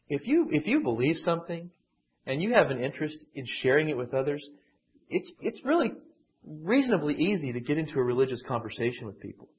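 Man, Bible class teacher, fairly high voice, digressive, emphatic, muffled lo-fi recording. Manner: digressive and emphatic, with frequent restarts. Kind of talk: conversational Bible lesson.

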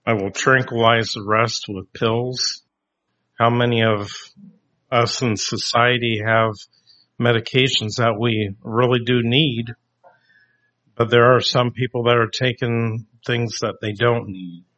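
A man in the middle of his range reflects on faith and everyday life, slow and unhurried, with a light self-deprecating touch. The recording is dull and lo-fi, and the top end is rolled off. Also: medium pitch, fairly even intonation, fairly bright tone. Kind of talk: reflective Christian commentary.

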